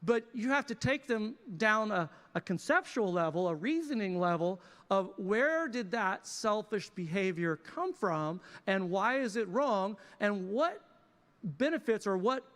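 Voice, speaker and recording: Guy pastor preaching, high bright voice, chatty asides, big echoey church hall. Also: a little slow. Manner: animated, conversational preaching with asides. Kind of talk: sermon.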